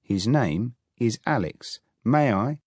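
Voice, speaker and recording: A man voicing a mild, courteous young married man in an audiobook, speaking in a measured way. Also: mid-range voice, animated, a little mellow, slightly rough, no echo. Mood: polite. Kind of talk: audiobook character voice.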